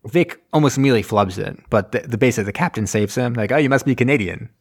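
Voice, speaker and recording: A man in casual chat, recapping a film plot and acting out the characters' lines in quick voices. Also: medium pitch. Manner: rambling, acts out scenes in quick voices. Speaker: podcast host recapping a film.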